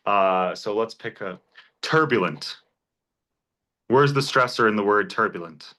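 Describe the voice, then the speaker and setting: A man's voice: fairly low pitch, animated, unhurried, sharp tone. A man teaching a Greek class in a church classroom, explaining step by step and encouraging his students with examples. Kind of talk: informal class lecture.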